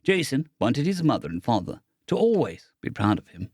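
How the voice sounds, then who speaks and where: A man reading a science fiction audiobook as narrator, in a steady storytelling manner. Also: mid-range voice, normal speed, no echo, clean studio sound.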